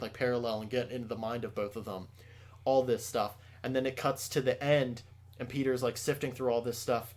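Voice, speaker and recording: A man co-hosting a casual podcast chat, excitable and swearing a lot, raising his voice when he gets worked up. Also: medium pitch. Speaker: podcast co-host.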